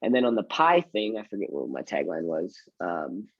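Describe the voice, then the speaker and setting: Husky-voiced man talking shop casually. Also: low voice, big pitch swings, normal speed, dry recording, lo-fi sound. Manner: chatty, self-mocking, acts out door-knock scripts. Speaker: real estate agent and trainer. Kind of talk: casual teaching talk.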